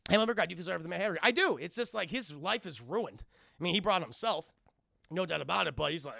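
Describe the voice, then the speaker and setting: An excitable male streamer with a bright, gravelly voice swings widely in pitch as he chats profanely with his viewers. The sound is dry and close. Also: quick pace, no echo. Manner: excitable, profane, addresses the chat. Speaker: streamer and show reviewer. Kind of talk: casual live-stream commentary.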